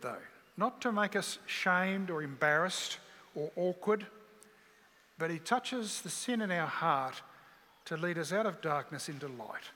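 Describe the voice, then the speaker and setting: A man preaching a sermon with an earnest, bright, forceful voice. He leans on rhetorical questions, and his words ring with a long hall reverb. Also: on the high side.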